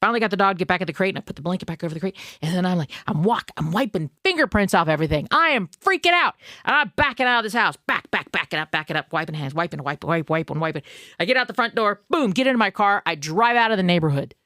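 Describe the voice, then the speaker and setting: A woman hosting a podcast, telling a personal story in a casual, animated, self-deprecating way and acting out her own panic. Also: on the low side, quick pace, dry recording, clean studio sound. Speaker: podcast host.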